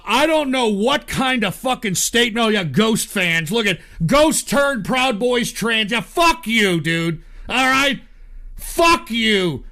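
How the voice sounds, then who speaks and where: Profane, ranting high-voiced man. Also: vocal fry, pushed and bright. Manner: profane, heated and mocking, reads viewer donations aloud. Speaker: livestream host. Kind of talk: angry political rant.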